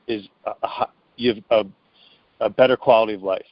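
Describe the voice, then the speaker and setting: This man's voice sits on the low side, brisk and steady in tone, as he speaks as a guest in a phone interview. He explains earnestly in a loose way, restarting often and acting out quotes. The dry, dull telephone recording has no echo at all.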